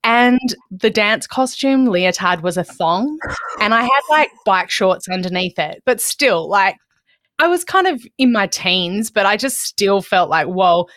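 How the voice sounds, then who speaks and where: A woman's voice: mid-range voice, animated, a little slow, fairly bright tone, no room sound. A woman co-hosting a podcast, telling stories animatedly and laughing often. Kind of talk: casual chat.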